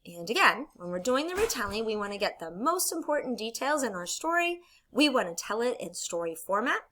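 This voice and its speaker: A woman's voice: fairly high pitch, very animated, fairly quick, fairly bright tone. A woman teacher giving a recorded classroom lesson, explaining patiently and encouraging students step by step.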